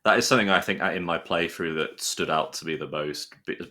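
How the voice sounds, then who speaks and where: A man from the UK talks with a deep voice that still rings bright and forceful. He chats eagerly, telling little anecdotes as a guest on a casual podcast. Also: a little fast. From United Kingdom. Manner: enthusiastic, chatty storyteller. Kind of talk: casual chat.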